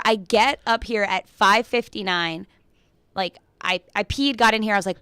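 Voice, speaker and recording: Young woman, radio co-host; animated rant, smooth clear voice, dry studio sound. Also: mid-range voice, moderate pace, no echo. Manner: animated, frequent "like", laughs while telling. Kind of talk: casual radio chat, storytelling rant.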